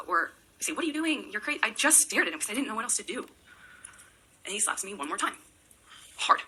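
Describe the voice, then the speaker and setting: A woman giving courtroom testimony in a quiet, emotional way, halting and restarting her sentences, sometimes dropping to a whisper. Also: medium pitch, breathy edge, rough recording. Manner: halting, with many restarts and repeated words.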